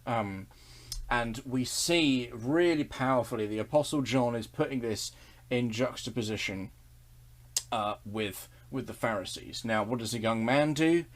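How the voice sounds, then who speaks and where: Male Bible study leader, video talk, earnest, enthusiastic, chuckles often, mid-pitched. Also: unhurried.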